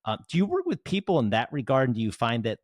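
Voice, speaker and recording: A man's voice: mid-range voice, wildly swooping pitch, fast talker, no echo, studio quality. A man from South Jersey hosting an interview podcast, talking casually and at length, full of fillers and restarts. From South Jersey, United States. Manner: chatty, rambling, many fillers and restarts. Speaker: podcast host.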